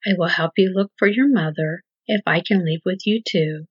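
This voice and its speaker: A woman's voice: lowish voice, normal speed, slightly rough, no echo. A woman voicing a helpful male duck who sounds concerned and obliging. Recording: dull lo-fi dry recording.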